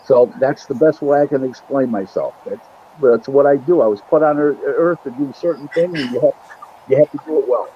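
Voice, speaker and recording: A man's voice: medium pitch, a little fast, slight background noise. A man from Buffalo, New York, telling stories as a boxing matchmaker in a casual interview, acting out the dialogue as he goes. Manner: animated storyteller who acts out quoted dialogue. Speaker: boxing matchmaker and booking agent. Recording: dull, lo-fi, dry sound.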